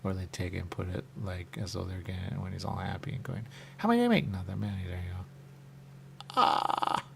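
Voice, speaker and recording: A man hosting a radio talk show in rambling casual chat, often jumping into quick high voices to act out what people say. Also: completely flat delivery, vocal fry, a bit bright, a little hiss or hum. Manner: rambling, acts out quick high-pitched quoted voices, repeats "there you go".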